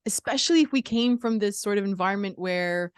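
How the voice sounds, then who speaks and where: A woman's voice: medium pitch, fairly quick, clear, resonant tone, dry recording. Earnest woman podcast host, dry sound. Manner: earnest, reflective and conversational. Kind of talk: casual interview chat.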